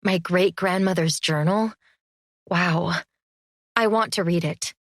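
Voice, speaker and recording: A woman's voice: lowish voice, slow pace, no room sound, studio quality. A woman voicing a bold, teasing young witch student with a cool, cheeky manner.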